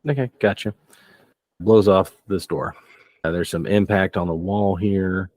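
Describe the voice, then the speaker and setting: Deep-voiced man running a tabletop game. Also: steady tone, unhurried, darkish tone, no room sound. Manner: loose, descriptive, laughing often. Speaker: game master.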